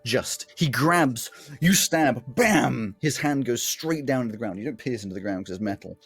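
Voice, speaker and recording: A man narrating as game master of a tabletop game, describing action in quick, laughing bursts. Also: medium pitch, expressive, a bit bright, slightly rough, no room sound. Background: faint fight music.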